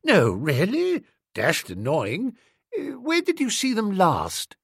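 A man voicing an excitable young upper-class gentleman who talks in an eager, exclamatory way. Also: high voice, takes it slowly, vocal fry, breathy edge, no room sound, clean studio sound, voice pushed up, exaggerated voice. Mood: chirpy.

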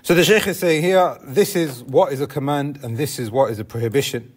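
A man's voice: medium pitch, a little fast, a little mellow, husky. A man teaching a classroom lesson on Islamic law, explaining step by step and asking the class questions.

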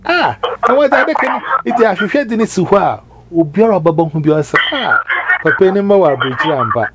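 A man's voice: high-pitched, big pitch swings, fairly quick. A man, a minister, preaching informally and rambling as he switches languages mid-sentence. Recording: loud background noise.

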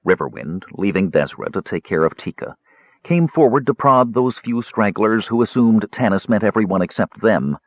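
A man reading a fantasy audiobook with an expressive, varied delivery. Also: on the low side, normal speed, dry recording. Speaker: audiobook narrator. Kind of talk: scripted fantasy narration. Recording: slightly dull audiobook recording.

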